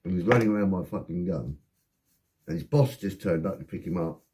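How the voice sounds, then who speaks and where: A man telling a rambling, heavily sworn personal anecdote in a casual, animated way. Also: low-pitched, a little fast. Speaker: storyteller.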